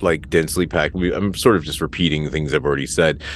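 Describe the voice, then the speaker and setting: A man's voice: very deep voice, steady tone, fast talker, a little hiss or hum. A man hosting a podcast, talking in a rambling, filler-heavy casual chat. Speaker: podcast host.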